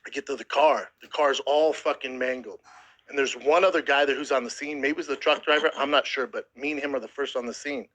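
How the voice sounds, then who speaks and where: Over lo-fi sound, a man in his thirties speaks briskly in a mid-range voice as a podcast host. Casual and foul-mouthed, he animatedly recounts a harrowing event with acted quotes, clearly emotional and close to tears.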